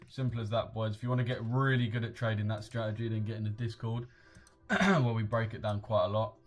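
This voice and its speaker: A man's voice: fairly low pitch, fairly even intonation, brisk. Laddish young man streaming. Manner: slangy, laddish, addresses chat as boys and mate. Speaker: live-streaming forex trader. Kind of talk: casual live-stream chat with viewers.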